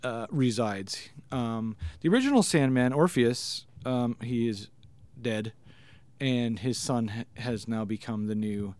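A man in his thirties with a smooth, resonant voice, talking as an eager fan on a comic book podcast. His sound is dry and close. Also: medium pitch, a little slow, a little mellow, no echo. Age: 30s. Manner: enthusiastic, chatty fan. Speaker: podcast co-host. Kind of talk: casual comic book chat.

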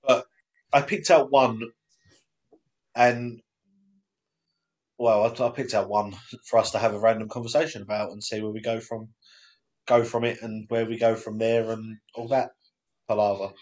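A man's voice: fairly low pitch, flat delivery, moderate pace, long pauses, darkish tone, low-quality recording. A young man hosting a casual podcast, rambling and self-deprecating as he circles back on his own words. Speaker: podcast host.

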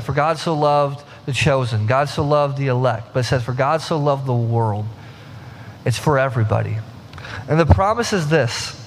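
A man's voice: a little high, a little hiss or hum. A young adult man preaching a conversational sermon as a pastor, acting out the voices in the scripture stories. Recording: long hall reverb.

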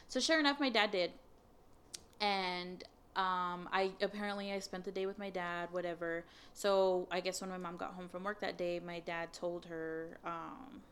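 A woman's voice: on the low side, moderate pace, clear, resonant tone. A young woman casually telling a personal story, candid, swearing freely and filling her talk with "like" and "um". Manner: candid, swears, many fillers, animated retelling of dialogue.

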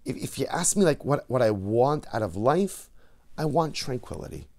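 Middle-aged rabbi guy preaching, gets loud and emphatic then goes quiet and low. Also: normal speed. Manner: animated, rising to emphatic peaks and dropping to soft asides. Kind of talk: Torah class sermon.

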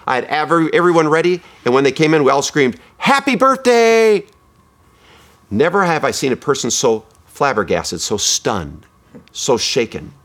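A man pastor telling a story in a sermon, dropping low and slow for emphasis. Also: fairly bright tone.

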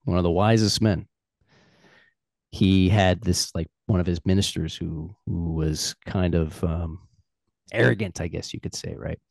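A man's voice: deep voice, a little slow, vocal fry, no echo, clean studio sound. A man in a casual podcast chat, telling a story with lots of acted-out dialogue. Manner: animated storyteller acting out quoted characters. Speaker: podcast guest.

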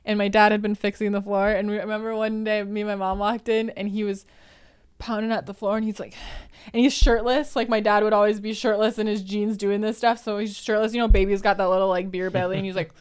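A woman guest on a podcast, telling stories casually. Her voice is clear and smooth at a middling pitch. She laughs often as she talks. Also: little pitch movement, fast talker. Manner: laughs often, giggly storytelling. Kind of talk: casual storytelling.

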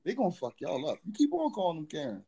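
A man from the US East Coast co-hosting a casual chat, animated and profane, joking and slipping into mocking voices. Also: high voice, fast, breathy edge, low-quality recording.

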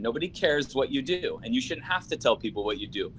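A man's voice: mid-range voice, animated, brisk, few pauses, a bit bright, a little hiss or hum, poor audio. A man speaking as a guest in a casual conversation, blunt and emphatic, swearing casually.

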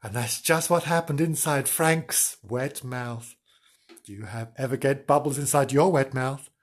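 A storyteller reading a children's story casually, breaking off for wry asides and self-corrections, in a slightly husky voice. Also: medium pitch, unhurried.

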